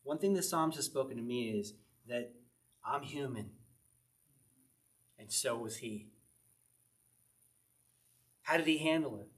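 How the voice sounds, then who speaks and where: A man's voice: a little high, fairly bright tone. A man leading an evening Bible study as pastor, reading psalms aloud and explaining them in a loose, conversational way, often laughing. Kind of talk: informal Bible study teaching.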